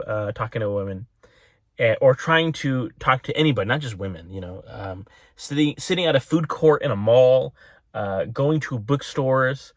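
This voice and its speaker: A man's voice: mid-range voice, no room sound, clean studio sound. A man giving a casual spiritual talk to his viewers, rambling and breaking off into tangents, often with little laughs. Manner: rambling, self-interrupting, laughs at own tangents. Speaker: religious video maker.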